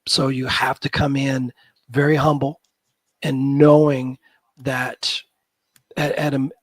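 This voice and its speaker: A man's voice: mid-range voice, level tone, slow, slightly rough, no echo. A man in his fifties from the Midwest of the US, a college football general manager chatting as a guest and telling rambling, self-deprecating stories with many restarts. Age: 50s. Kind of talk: casual interview chat.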